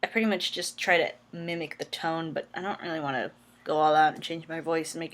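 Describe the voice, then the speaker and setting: A woman's voice: sits low, quick pace. Woman, let's play player, reads story aloud, self-deprecating asides, casual. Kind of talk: reading an interactive story aloud.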